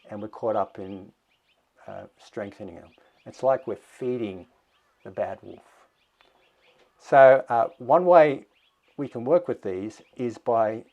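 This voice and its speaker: A male meditation teacher gives a dharma talk in a slow, reflective manner. He pauses often to let ideas land. His voice sits on the low side. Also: darkish tone, dull audio.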